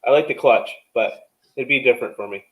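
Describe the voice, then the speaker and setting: A man speaking as a guest in a casual chat, relaxed and thinking aloud. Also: medium pitch, quick pace, low-quality recording.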